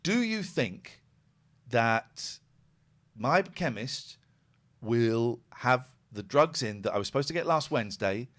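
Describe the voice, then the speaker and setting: A man's voice: medium pitch, lively intonation, takes it slowly, a bit bright. A middle-aged man hosting a phone-in show, telling a long story in a chatty way and acting out both sides of each exchange. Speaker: radio phone-in host. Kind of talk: casual chat.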